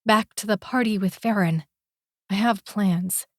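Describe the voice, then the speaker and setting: A woman voicing a defiant, sharp-tongued young woman in an audiobook, delivering biting, sarcastic retorts. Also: medium pitch, unhurried, no echo, clean studio sound, lightly acted. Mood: irritated. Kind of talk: audiobook character voice.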